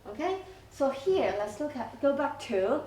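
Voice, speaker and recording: A woman teacher talks through an English lesson at an unhurried, deliberate pace, checking in with her class after each point. Her fairly high voice comes from a distance in an echoey classroom, with faint room noise behind it. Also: sing-song, warm tone. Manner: slow, explanatory, checks in with frequent okay. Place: school classroom.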